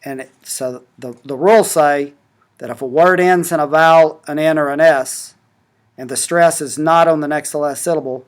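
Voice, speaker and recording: Man explaining a language app. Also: fairly high pitch. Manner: patient, explanatory, with fillers and restarts. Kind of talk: screen-recorded tutorial.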